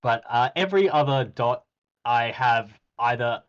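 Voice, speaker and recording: A man talks casually and keeps slipping into acted-out quotes, with frequent ums and restarts. His voice sits at an ordinary middle pitch. The sound is a little dull and lo-fi. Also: unhurried. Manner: animated storytelling, acts out quoted exchanges, frequent ums. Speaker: podcast host reviewing a game. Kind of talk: casual game recap chat.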